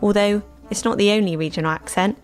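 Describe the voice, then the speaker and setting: A woman's voice: medium pitch, fast, soft background music. Friendly woman with a West Country accent. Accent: Somerset, West Country.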